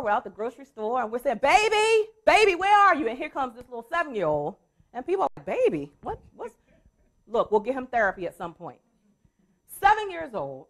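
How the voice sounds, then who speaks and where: Female motivational coach on stage, high and animated, emphatic storyteller who keeps calling the crowd y'all. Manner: emphatic, repetitive, storytelling, addresses audience as y'all. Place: stage at a conference.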